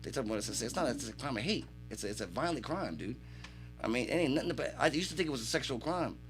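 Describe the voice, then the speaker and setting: A man telling animated, swear-filled stories as a podcast guest in a radio studio. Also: medium pitch, racing, faint music behind. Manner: animated storytelling, heavy swearing. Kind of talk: casual chat.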